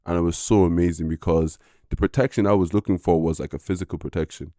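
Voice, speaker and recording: A young man, a podcast guest, telling a personal faith story in an earnest, halting way with many fillers. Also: deep voice, fairly even intonation, mellow, dry recording, clean studio sound. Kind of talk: casual personal testimony.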